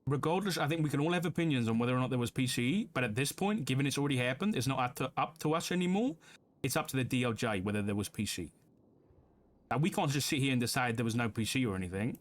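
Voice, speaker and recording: Fast-talking man arguing police procedure. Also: mid-range voice, lively intonation. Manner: argumentative, plays devil's advocate. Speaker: police officer. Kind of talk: in-character police roleplay discussion.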